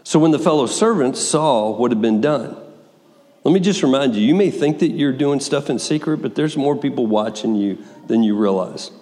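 A man preaching a sermon, reading scripture aloud with lively swings between soft asides and raised, dramatic passages. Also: moderate pace. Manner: lively, wide swings in pitch and loudness, reads scripture dramatically. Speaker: pastor. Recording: long hall reverb.

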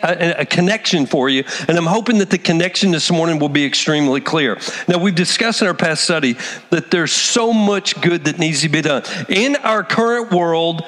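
A man's voice: sits high, a bit bright. A pastor preaching an earnest, emphatic sermon to his church on a Sunday morning. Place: church sanctuary. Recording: long church reverb.

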